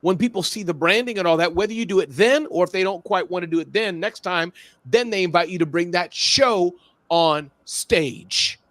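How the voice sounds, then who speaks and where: A man who is a guest on a podcast, talking in a lively, playful way and acting out phone calls with sound effects. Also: high-pitched, normal speed, a little hiss or hum. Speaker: guest, small business expert. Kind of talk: animated podcast conversation.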